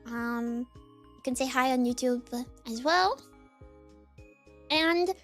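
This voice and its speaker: A woman's voice: high-pitched, takes it slowly, soft background music. A woman streamer chatting casually at her desk in a bubbly way, full of fillers, greeting viewers one by one. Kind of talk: casual live-stream chat. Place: home desk.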